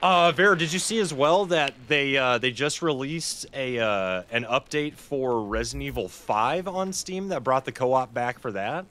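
A man's voice: mid-range voice, expressive, normal speed, hardly any pauses, a bit bright. A man streaming a video game, chatting casually with viewers, swearing freely and laughing often. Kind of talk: casual gameplay commentary.

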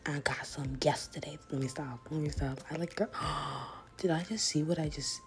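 A woman's voice: deep voice, fairly even intonation, normal speed. A young woman vlogger giving casual, slangy commentary on a chat room, laughing often and sometimes dropping to a whisper.

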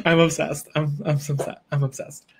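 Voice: mid-range voice, wildly swooping pitch, unhurried, bright, forceful tone, a little hiss or hum. Bubbly, chatty livestream host. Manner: bubbly, chatty, laughs often, pleads with viewers. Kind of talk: casual livestream chat.

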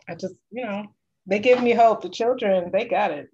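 A guest artist telling a family story on a video call, animated and laughing, acting out the voices of the people she quotes. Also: mid-range voice, moderate pace, highs cut off, a little hiss or hum.

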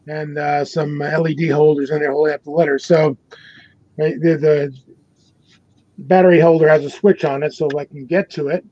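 An older man showing a homemade electronics project on a video call, halting with many fillers and restarts. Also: on the high side, a little mellow, dry recording, dull audio. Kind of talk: casual show-and-tell on a video call.

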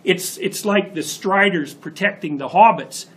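A man giving a university lecture, retelling a story in an animated way with sudden emphatic bursts. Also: high-pitched, a little slow. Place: lecture hall.

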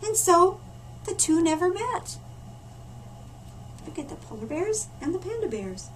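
A woman storyteller reading a picture book aloud to children in a library, animated and stopping for asides to her listeners. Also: very high-pitched, measured pace, pauses often. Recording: distant mic with faint room noise.

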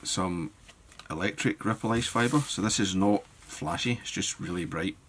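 A man giving a relaxed step-by-step fly-tying tutorial, thinking aloud as he works. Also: deep voice, moderate pace, slight background noise.

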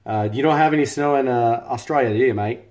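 A man's voice: mid-range voice, fast talker, a little mellow. Chatty American man on a live stream. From United States. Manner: chatty, greets viewers by name with a lifted voice. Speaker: live-streaming cooking host. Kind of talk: casual live-stream chat.

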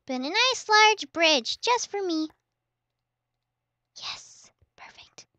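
Woman, game commentary, excitable, playful trash talk, bright, dry close sound. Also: very high-pitched, unhurried, no echo. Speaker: gaming channel host.

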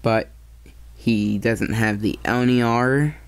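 A man's voice: medium pitch, steady tone, slow pace, clean tone. A man giving a casual toy train review, hesitant and often correcting himself mid-sentence.

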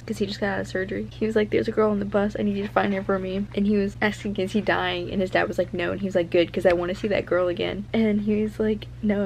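Excitable young woman gushing bout her book, says like a lot, bit of hiss behind. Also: medium pitch, vocal fry, poor audio. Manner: gushing, excitable, fillers like "like" and "oh my gosh". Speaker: book vlogger. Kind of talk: casual reading vlog chat.

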